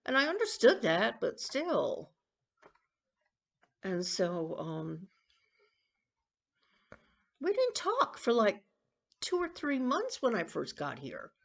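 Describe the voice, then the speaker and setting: A woman in her sixties rambling and confiding in a casual personal vlog, with coughs and throat-clearing. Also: a little high, wildly swooping pitch, takes it slowly, long pauses, a bit bright. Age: 60s. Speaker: vlogger.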